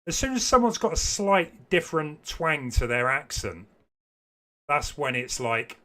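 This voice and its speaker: A man's voice: fairly high pitch, very animated, unhurried, bright, forceful tone. A man livestreaming a video game, chatting casually and rambling to his viewers. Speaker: gaming livestreamer. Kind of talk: casual chat while streaming a game.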